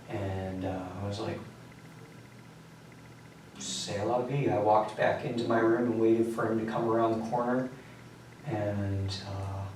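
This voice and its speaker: A young man in his twenties, an inmate recounting events in a flat, matter-of-fact way during a prison interview. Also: fairly low pitch. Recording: very echoey room, distant mic, faint hum.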